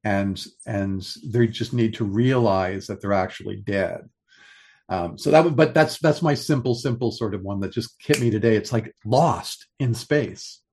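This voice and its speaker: An older man co-hosting a podcast in casual chat, pitching story ideas with enthusiasm and frequent restarts. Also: normal speed, a little mellow. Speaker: podcast co-host.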